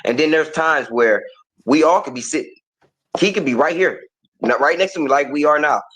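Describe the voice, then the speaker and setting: A man's voice: fairly high pitch, expressive, moderate pace, a bit bright, rough recording. A man being interviewed, explaining himself earnestly and at length. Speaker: interview guest. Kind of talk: interview conversation.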